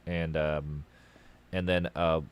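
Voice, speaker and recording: A man's voice: rumbling low, level tone, slow, clear, resonant tone, no echo. A man hosting a casual call-in livestream show, rambling and swearing as he tells stories. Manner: rambling, profane, storytelling. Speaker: podcast host taking calls.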